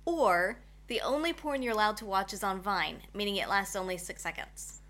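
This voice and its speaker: A woman's voice: mid-range voice, moderate pace, a bit bright. A woman co-hosting a casual chat, reading questions aloud, easygoing and giggly. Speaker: podcast co-host.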